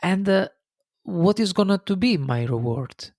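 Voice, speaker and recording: A man doing a calm, smiling fisherman, high and gravelly. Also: measured pace, no echo, clean studio sound. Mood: calmly curious. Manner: mild, repeated questioning, hesitant fillers.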